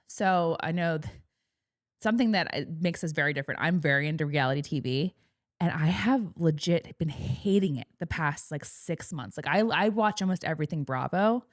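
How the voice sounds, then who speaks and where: A woman's voice: low-pitched, animated, moderate pace, dry recording, clean studio sound. A woman in her thirties co-hosting a podcast, chatting casually and giggling often as she rambles. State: pregnant. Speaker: podcast co-host. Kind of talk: casual chat.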